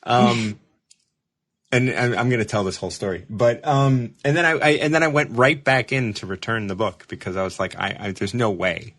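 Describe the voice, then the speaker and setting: A man hosting a show, telling a rambling, self-mocking story in casual chat, animated, with laughs and restarts. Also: mid-range voice, moderate pace. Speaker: show host.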